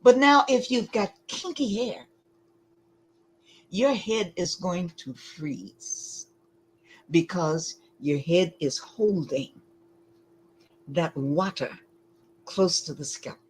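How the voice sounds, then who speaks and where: A woman giving lecture-style commentary, deliberate and emphatic, often pausing to ask rhetorical questions. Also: on the low side, lively intonation, a little hiss or hum, rough recording.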